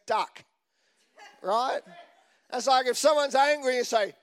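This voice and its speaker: A man's voice: very high-pitched, moderate pace. A man preaching a sermon in a chatty, joking way, asking the congregation questions as he goes. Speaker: pastor.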